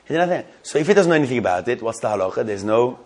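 A male teacher telling a story to a class, animated, with many restarts, stopping to quiz students. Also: medium pitch, rapid-fire.

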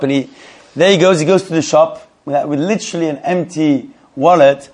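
A man with a slightly high voice teaches a Torah class, telling a story quickly and with animation. He often repeats himself and restarts his sentences.

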